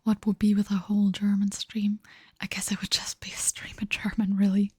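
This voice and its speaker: A tired woman chatting in a breathy whisper during an ASMR livestream, switching between two languages. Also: medium pitch, monotone, a little fast, dark tone, no echo, studio quality. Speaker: ASMR streamer.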